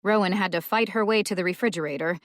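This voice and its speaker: A woman reading a thriller audiobook as narrator in a measured, unhurried way. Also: medium pitch, no echo, clean studio sound. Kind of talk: scripted narration.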